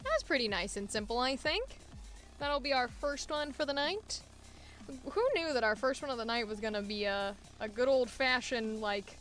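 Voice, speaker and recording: A woman's voice: on the high side, expressive, moderate pace, fairly bright tone, faint music behind. A woman voice actor chatting casually while preparing auditions, thinking aloud and interrupting herself. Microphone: headphones monitoring at a home recording setup.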